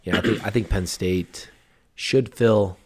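A man's voice: fairly low pitch, measured pace, husky. A man co-hosting a podcast, chatting casually about college football in a laid-back way, hedging with lots of fillers. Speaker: podcast co-host. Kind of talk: casual sports chat.

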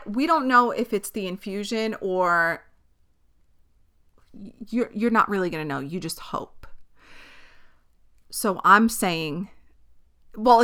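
A woman in her thirties hosting a solo podcast, telling a personal story in a candid, animated way. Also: mid-range voice, smooth. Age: 30s. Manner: candid, animated storytelling with frequent swearing and laughter. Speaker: podcast host. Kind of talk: casual solo podcast chat.

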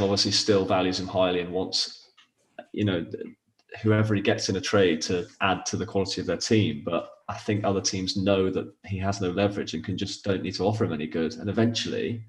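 A man co-hosting a casual sports podcast, opinionated and peppering his talk with fillers and restarts. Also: on the low side. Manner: opinionated, fills with "like" and "um", hedging restarts. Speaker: podcast co-host.

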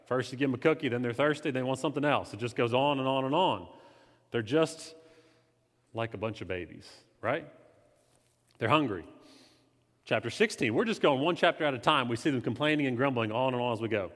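A man, not the pastor, teaching his church in a conversational, animated way, swinging between loud emphasis and quiet confession. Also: mid-range voice, brisk. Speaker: lay preacher. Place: church sanctuary. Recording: reverberant hall.

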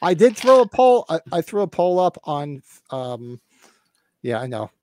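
A man's voice: fairly high pitch, sing-song, measured pace, a little mellow, slight background noise. A man in his fifties hosting a casual podcast, talking with rambling enthusiasm and swearing freely. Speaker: podcast host.

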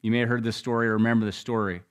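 A young adult man preaching a sermon, telling the story with shifts between loud and hushed delivery. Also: on the low side, fairly even intonation, very fast, smooth. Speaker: pastor.

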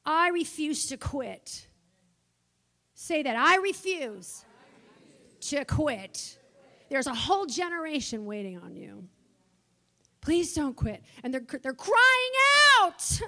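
A woman preaching a sermon, passionate at times and soft in her asides. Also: sits high, very animated, slow, gravelly, long pauses. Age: older. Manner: impassioned, swings from shouting to soft asides.

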